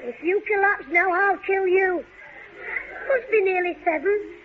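A woman's voice: extremely high pitch, unhurried. A woman playing a wisecracking, bossy young lad. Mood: cheeky. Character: cheeky, quick-witted young London lad, Jim. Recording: dull old radio recording.

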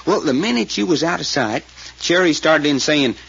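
Brief: rustic, plainspoken male sidekick, animated pitch, vintage lo-fi radio drama. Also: creaky, slightly rough, exaggerated voice. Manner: folksy, rustic grammar, halting retelling. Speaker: witness recounting events. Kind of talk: 1940s radio acting. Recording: dull lo-fi old radio recording.

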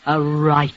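An actress playing a dying young woman in a vintage radio drama, speaking in a breathless, halting, tremulous way. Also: low voice, exaggerated voice. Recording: dull old radio recording.

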